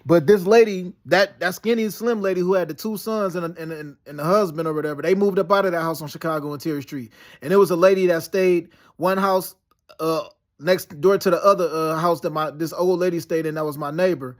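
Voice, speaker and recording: A man with a notably high speaking voice talks in a loose, rambling monologue. He circles back on himself with restarts, fillers and street slang like "yo" as he tells his story. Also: fairly even intonation, brisk. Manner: slangy, peppered with "yo" and "you know what I'm saying". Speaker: vlogger recounting dreams and past events.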